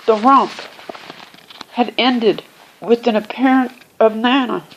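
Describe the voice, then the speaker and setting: A woman reading a children's classic aloud, unhurried, lifting her voice for the characters and pausing now and then to find her place or explain a word. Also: a little high, fairly even intonation, highs cut off, slight background noise. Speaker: reader. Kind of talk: amateur audiobook reading.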